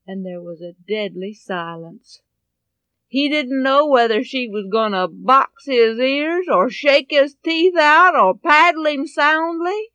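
A woman telling a Bible story in an expressive way, swinging between loud and hushed. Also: sits high, slow pace, clean tone, dry recording.

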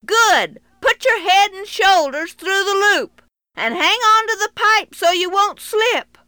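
Woman voicing a worried rancher dad shouting down a well. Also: extremely high pitch, expressive, slow, dry recording, studio quality, voice pushed up, full character voice. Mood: coaxing. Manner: urgent, loud calling. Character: anxious rancher father calling down a well.

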